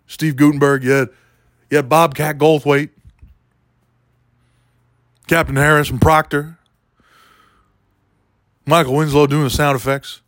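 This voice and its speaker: A man doing a rambling, deadpan comedy monologue, talking to a listener by name as he goes. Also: mid-range voice, no room sound, studio quality. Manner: meandering, deadpan, keeps addressing a listener by name.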